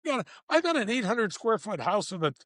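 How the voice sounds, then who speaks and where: A man in his sixties from St. Louis, a former tour golfer telling lively, slangy stories as a podcast guest. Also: sits high, quick pace, no echo, clean studio sound. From St. Louis, USA. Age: 60s. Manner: lively, slangy, addresses the host directly. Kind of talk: casual anecdotal storytelling.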